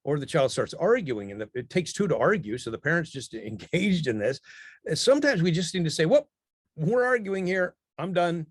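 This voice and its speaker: A man with a somewhat high voice teaches parents in a relaxed webinar chat. He laughs easily and snaps into brisk quoted lines. The sound is close and dry, with no room around it. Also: husky, no room sound.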